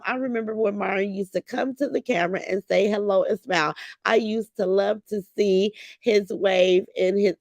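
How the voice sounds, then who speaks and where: A woman's voice: medium pitch, vocal fry, no room sound. A middle-aged woman hosting a livestream, reading viewer comments aloud and reminiscing with emotion about her late son. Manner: emotional, reminiscing, warmly addresses viewers as "y'all". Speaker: livestream host.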